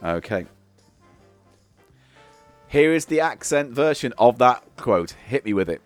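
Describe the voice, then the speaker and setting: A man's voice: medium pitch, very animated, faint music behind. Sarcastic man bantering. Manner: bossy, sarcastic, quick to needle. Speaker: podcast co-host. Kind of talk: comic podcast banter.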